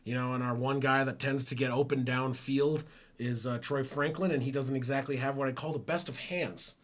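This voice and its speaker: A man's voice: medium pitch, fairly even intonation, moderate pace. A man hosting a live football reaction stream from home, talking casually in a rambling, self-correcting way. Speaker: sports stream host.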